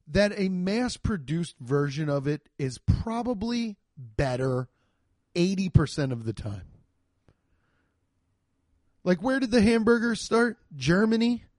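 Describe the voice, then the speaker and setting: A man hosting a podcast, talking in a rambling, excitable and profane comedic monologue. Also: sits high, no room sound, studio quality.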